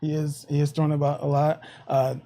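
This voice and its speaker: A man giving fantasy football picks as a guest in casual talk, relaxed and trailing off softly. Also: a little high, a little fast. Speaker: guest analyst.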